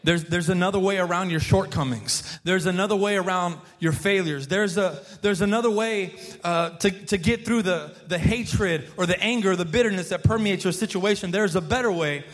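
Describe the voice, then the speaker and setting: High-voiced man preaching in a reverberant hall. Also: normal speed, few pauses, a bit bright. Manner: conversational preaching with frequent restarts and repeated words; prompts the congregation to respond. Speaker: pastor. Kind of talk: sermon. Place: church sanctuary.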